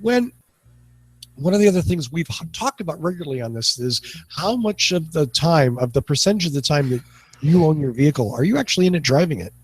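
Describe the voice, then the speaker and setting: Animated, rambling man co-hosting a talk show. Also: fairly high pitch, brisk, husky, no echo. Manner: rambling, animated, many restarts. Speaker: podcast co-host. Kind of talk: casual panel chat.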